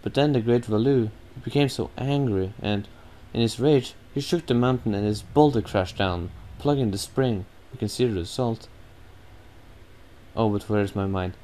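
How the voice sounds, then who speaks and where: A man's voice: fairly low pitch, moderate pace, mellow, close to an everyday voice. A man voicing a kind, earnest young bird-girl attendant while reading game text aloud.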